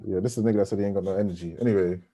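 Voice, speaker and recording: Man, podcast co-host, very deep and dark, a bit husky, laid-back slangy banter. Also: fairly even intonation, very fast. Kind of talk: casual chat.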